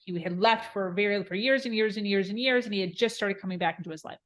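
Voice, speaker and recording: A woman's voice: on the high side, expressive, fairly quick, fairly bright tone. A woman in her thirties telling a candid, emotional story about her own life as a podcast guest. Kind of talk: personal story in an interview.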